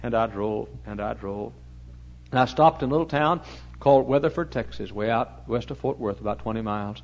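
A man preaching a storytelling sermon in a church, talking animatedly and getting suddenly loud when he acts out shouted commands. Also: mid-range voice, brisk, muffled recording. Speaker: pastor.

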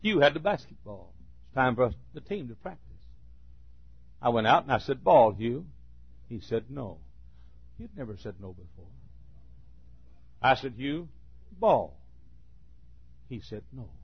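A preacher with a husky, slightly breathy voice tells folksy stories from the pulpit. He drops low and quiet, then breaks into loud shouts. The recording sounds dull and lo-fi. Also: animated, moderate pace, long pauses, no echo. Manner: folksy, swings from quiet asides to sudden shouts. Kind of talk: sermon with storytelling.

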